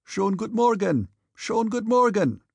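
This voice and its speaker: A man's voice: sits high, very animated, measured pace, creaky, slightly rough, no echo, voice pushed up, exaggerated voice. A man voicing a merry German farmer landlord calling out cheerful greetings, in a storybook reading. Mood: jubilant. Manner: German-accented exclamations.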